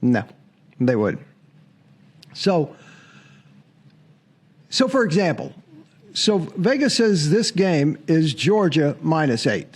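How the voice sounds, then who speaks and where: A man's voice: fairly high pitch, sing-song, slow pace, long pauses, breathy edge. Chatty man hosting a sports show. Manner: chatty, laughs often, mocks commenters. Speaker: sports podcast host. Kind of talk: casual monologue to viewers.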